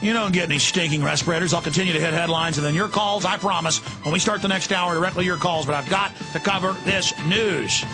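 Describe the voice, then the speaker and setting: A man hosting a talk radio show, ranting with impassioned intensity, swinging between yelling and hushed urgency. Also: high-pitched, fast, few pauses, music in the background.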